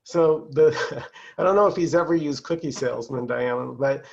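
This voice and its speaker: A man leading a spiritual satsang over a video call, in a calm, conversational way with easy laughs. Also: a little high, normal speed, creaky, dull audio. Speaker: satsang teacher.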